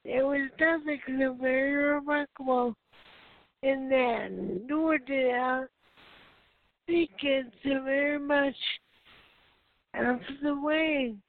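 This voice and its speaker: A woman hosting a show who reads a children's story aloud slowly, stumbling and correcting herself. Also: sits high, fairly even intonation. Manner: slow, halting reading with self-corrections. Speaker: host and story reader. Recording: tinny phone-like sound.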